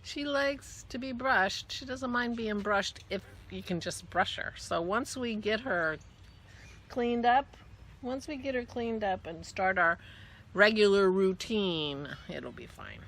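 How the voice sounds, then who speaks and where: In a relaxed, chatty vlog, a podcast host rambles along, stopping mid-thought and starting over, and pauses occasionally to coo lovingly at her dog. Her medium-pitched voice is fairly bright and lively in intonation, moving a little slowly.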